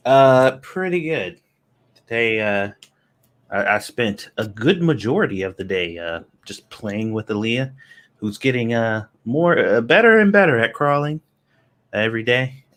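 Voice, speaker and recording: A man's voice: medium pitch, measured pace. A man co-hosting a casual show, chatting loosely in slangy, easygoing talk. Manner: relaxed storytelling with slang. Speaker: co-host. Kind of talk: casual chat.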